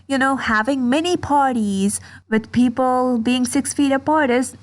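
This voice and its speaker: A woman's voice: high-pitched, measured pace. A woman ranting in a commentary vlog, indignant and swearing often. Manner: heated, indignant, heavy swearing. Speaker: commentary YouTuber.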